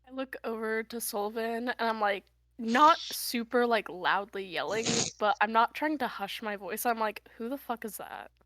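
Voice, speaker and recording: A woman's voice: fairly high pitch, normal speed, bright, forceful tone, no echo. A woman playing a tabletop game, talking casually and a little hesitantly. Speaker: player.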